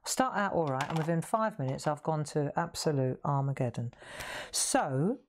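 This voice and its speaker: A chatty woman hosts a live craft session, talking through her painting in a low voice. She is reassuring and pokes fun at herself. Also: animated, normal speed, slight background noise. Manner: chatty, self-deprecating, reassuring. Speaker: craft host.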